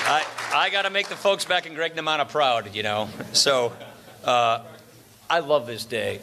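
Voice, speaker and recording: A man from Wisconsin delivers a lunchtime speech from a lectern, his voice bright and forceful and sitting a touch high. He mixes formal address with jokes and chuckles at his own punchlines. A faint hum of the hall sits behind him. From Wisconsin, USA. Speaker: speaker at a political luncheon.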